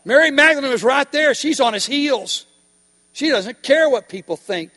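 Preacher, male, high pitched, emphatic sermon with call-and-response, long hall reverb. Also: expressive, normal speed, sharp tone.

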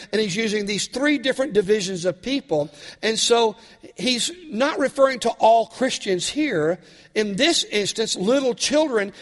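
High-voiced pastor preaching in a hall. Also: male voice. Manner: animated preaching, asks the congregation questions. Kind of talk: sermon. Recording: long hall reverb.

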